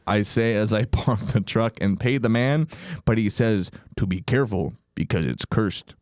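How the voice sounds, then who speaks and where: A man with a fairly low voice reads scary stories aloud as a joke on a podcast. He hams up the lines in a mock-spooky narrator style and breaks into laughs. The sound is dry and close. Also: measured pace, darkish tone, no echo. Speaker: podcast co-host. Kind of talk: comedic reading of scary stories.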